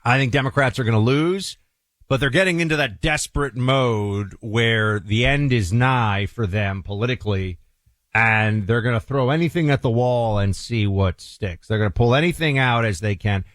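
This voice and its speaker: A man hosting a political talk show, delivering commentary in a halting way, full of restarts and uhs, with pitch that jumps up for emphasis. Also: a bit bright, no echo, studio quality. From New York City. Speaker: radio talk show host.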